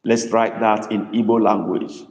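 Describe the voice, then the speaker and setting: A male language tutor leads a live online class. He talks at an unhurried pace, repeating each phrase patiently for his students. His voice rings in an echoey room with a long reverb tail. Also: lowish voice, fairly even intonation, darkish tone.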